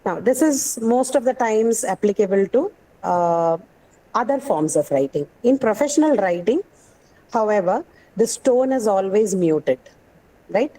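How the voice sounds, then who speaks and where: A woman lecturer teaching a class, often checking in with the students and pausing with fillers. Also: medium pitch, expressive, mellow, rough recording. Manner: checks in with frequent "right?" and fillers. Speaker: university lecturer.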